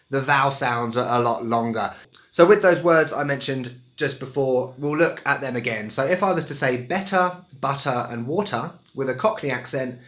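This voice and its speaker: Bright-voiced man with an Estuary English accent. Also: medium pitch. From England. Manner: chatty, drawls words out slowly when demonstrating. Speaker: English teacher. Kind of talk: casual video lesson.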